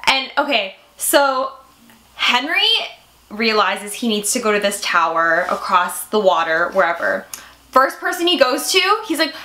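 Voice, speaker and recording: A young woman co-hosting a casual fan chat about a TV show, gushing and excitable, with lots of "like". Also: mid-range voice, a little slow. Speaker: co-host. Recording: echoey room.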